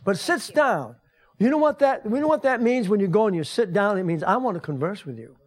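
High-voiced older man preaching. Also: expressive, fast, a little mellow. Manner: folksy, conversational preaching with rising emphasis. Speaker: pastor. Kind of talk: sermon. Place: church sanctuary.

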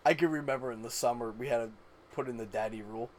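A man's voice: mid-range voice, quick pace, over a noisy crowd. A man co-hosting a podcast, chiming in with casual reactions and short stories, swearing freely. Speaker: podcast co-host.

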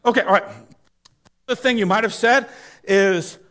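A man's voice: high-pitched, normal speed, a bit bright. A man preaching a sermon to his church, impassioned and pleading, calling out questions for the congregation to answer. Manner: impassioned, pleading, calls for audience responses. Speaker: pastor. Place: church sanctuary.

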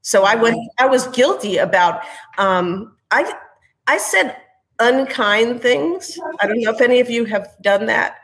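Woman, higher pitch, candid reflective storyteller on a panel. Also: animated, a little slow, fairly bright tone, poor audio. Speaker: mother sharing her story. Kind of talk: conversational panel talk.

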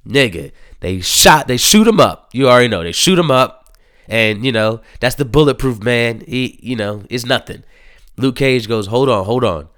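A man's voice: lowish voice, a bit bright, clean tone, no echo, clean studio sound. A man giving a casual spoken review of a TV show, rambling and profane, with many fillers.

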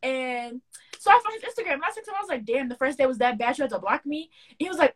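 A young woman with a slightly raised pitch tells a story on a casual podcast. She is animated and slangy and acts out every quoted line. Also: racing. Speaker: podcast co-host.

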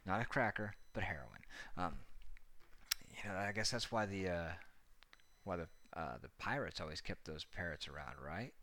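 Man, low voice, tense and sharp tone, sarcastic rambling commentary, profane. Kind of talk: casual commentary monologue.

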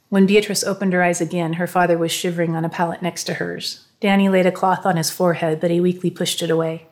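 A woman narrating an audiobook in a calm, measured way. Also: on the low side.

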